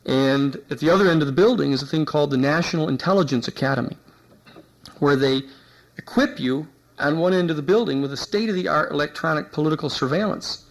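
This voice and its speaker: A man giving a university lecture, telling an anecdote in an animated way and acting out the people he quotes. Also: medium pitch, gravelly, rough recording. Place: lecture hall.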